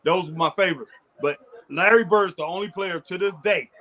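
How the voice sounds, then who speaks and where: A man with a high, bright voice chats casually about old basketball greats. He gets excited quickly and laughs often as he looks back on the old days. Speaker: podcast co-host. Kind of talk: casual sports chat.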